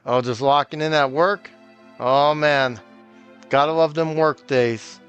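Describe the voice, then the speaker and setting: A man's voice: a little high, takes it slowly, a bit bright, smooth, soft background music. A man streaming a video game, chatting casually with his viewers in loose slang. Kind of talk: casual live-stream commentary.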